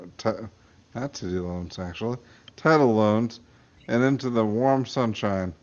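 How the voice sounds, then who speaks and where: A man's voice: medium pitch, muffled recording. A man, a podcast host, reading a comic story aloud and tripping over words. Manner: stumbling, self-correcting reading.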